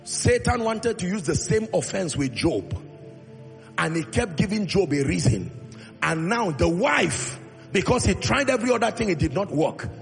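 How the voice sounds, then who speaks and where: A man's voice: sits high, big pitch swings, moderate pace, vocal fry. A male pastor preaching a sermon with emphatic delivery, acting out Bible dialogue in his own voice. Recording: long reverb in a large hall, faint music.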